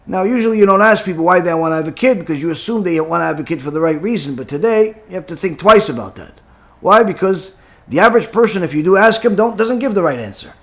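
Animated high-voiced rabbi teaching. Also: male voice, moderate pace. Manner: animated, emphatic, many "you know" fillers, religious terms. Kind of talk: Torah lesson.

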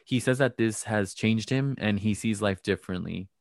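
A man's voice: lowish voice, moderate pace, no room sound. A man co-hosting a casual podcast, recapping reality TV in a gossipy, sarcastic way and acting out the people he quotes. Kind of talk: casual chat.

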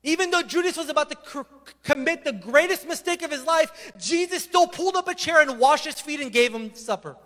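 A male pastor preaches a sermon with a very high voice. He tells the story with animated energy and slips into acted voices. His words ring out with a long reverb in a large hall. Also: a little fast.

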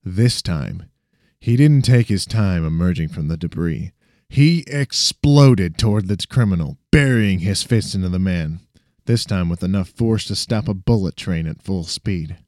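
A man's voice: low voice, normal speed, warm tone, dry recording, studio quality. A man reading an action story aloud, often stumbling and restarting his sentences. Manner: frequent restarts and self-corrections. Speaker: narrator.

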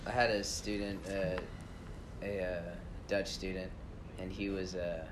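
A man, a pilot, telling a flying story in casual chat with a relaxed, laid-back manner. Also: low-pitched, measured pace, noisy background.

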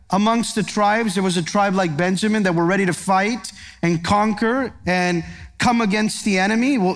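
A male pastor preaching a verse-by-verse sermon, earnest and emphatic, putting rhetorical questions to his congregation. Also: sits high. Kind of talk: expository sermon. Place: church sanctuary.

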